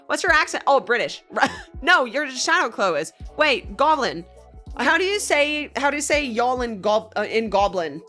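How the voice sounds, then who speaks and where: Bubbly aussie girl chatting w her stream, bright bouncy voice, bit of music behind. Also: sits high, big pitch swings, moderate pace. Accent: Australian. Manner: bubbly, giggly, chats with viewers. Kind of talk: casual livestream chat.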